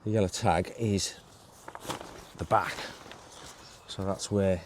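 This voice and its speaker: A man speaks slowly in a low voice with fairly even intonation, against background noise. He's an angling vlogger demonstrating gear, casually talking to camera as he sets up a fishing shelter in his garden, his handheld video camera in one hand.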